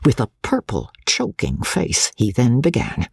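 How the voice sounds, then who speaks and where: A woman's voice: very deep voice, unhurried, gravelly, hardly any pauses, husky, no room sound, studio quality. Theatrical woman narrating a classic novel. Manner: expressive, theatrical reading. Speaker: audiobook narrator.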